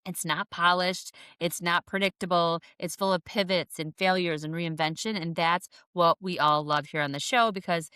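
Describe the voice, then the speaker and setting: A woman's voice: on the low side, fairly even intonation, moderate pace, few pauses, sharp tone, clean tone, no room sound, studio quality. A woman hosting a podcast interview, enthusiastic and gushing as she introduces her guest. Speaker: podcast host.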